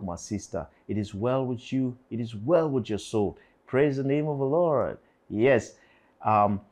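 A man's voice: fairly low pitch, darkish tone. A man in his forties preaching to teenagers, fervent and prayerful. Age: 40s. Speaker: youth pastor. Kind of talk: sermon.

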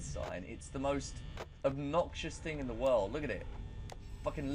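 A man's voice: medium pitch, expressive, normal speed, music in the background. A man hosting a horror game let's play, talking nervously, swearing a lot and mocking himself. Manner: nervous, profane, self-mocking. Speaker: gaming channel host.

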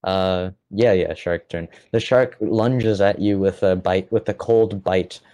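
A man runs a tabletop game as dungeon master, his voice low and dark-toned. He narrates haltingly, circling back and filling gaps with ums and likes. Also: steady tone. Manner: halting, full of fillers and restarts.

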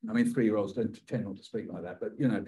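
Husky older British man telling stories. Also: fairly low pitch, fast, dark tone. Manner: playful, repeats phrases rhythmically, acts out quoted voices. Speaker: poet leading a writing workshop. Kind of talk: storytelling poetry lesson.

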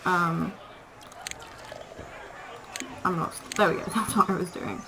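A woman's voice: lowish voice, fairly even intonation, normal speed. A woman casually commenting on her gameplay, chatting to the animals in the game and laughing often. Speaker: gaming video creator. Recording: noisy home recording.

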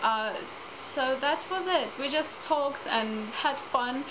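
A woman's voice: sits high, expressive, slow pace. A teenage girl chatting casually in a home vlog, giggling often. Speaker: vlogger. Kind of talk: casual chat. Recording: noisy home video.

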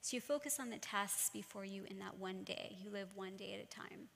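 A middle-aged woman giving a church talk, telling stories in a measured, earnest way. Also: mid-range voice, vocal fry, fairly bright tone. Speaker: church speaker. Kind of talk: sermon-style talk. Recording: long church-hall reverb.

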